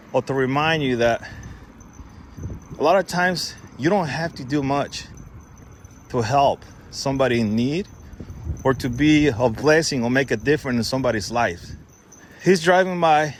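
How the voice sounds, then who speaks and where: A man's voice: mid-range voice, slight background noise. A man casually telling a story to camera, rambling and correcting himself as he goes, raising his voice when he quotes others.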